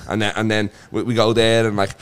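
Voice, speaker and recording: Man, rambling profane storyteller, quick patter, podcast guest. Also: on the low side, little pitch movement, smooth. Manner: rambling, profane anecdote-telling with many restarts. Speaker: guest comedian.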